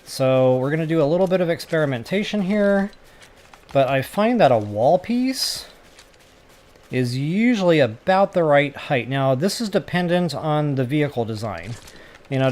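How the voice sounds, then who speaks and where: A man giving casual gameplay commentary for a building tutorial, chatty and self-mocking as he thinks out loud. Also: on the high side. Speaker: gaming tutorial creator.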